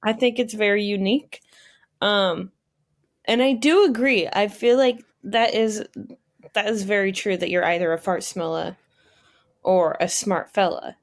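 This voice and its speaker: A woman's voice: medium pitch, a little slow. Giggly, easygoing young woman co-host. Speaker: podcast co-host. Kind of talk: casual chat.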